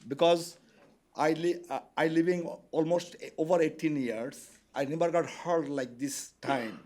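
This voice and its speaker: A man who owns a taxi medallion testifies at a public hearing in halting, hesitant English. His voice sits somewhat high for a man. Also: a little mellow. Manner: halting non-native English. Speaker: taxi driver and medallion owner.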